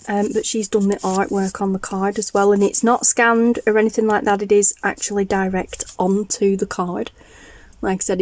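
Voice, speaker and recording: Woman, craft vlogger, warm-hearted gushing chatter, mid-pitched, light packaging rustle. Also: slight background noise, poor audio. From northern England. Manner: gushing, enthusiastic, chatty with restarts. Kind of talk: casual show-and-tell haul.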